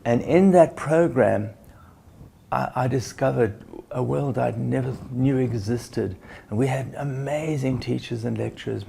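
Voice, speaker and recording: A man's voice: mid-range voice, creaky, mellow, a little hiss or hum. An older man, a business educator, recounting in an anecdotal way how his work began, with restarts and acted-out dialogue. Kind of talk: reflective storytelling.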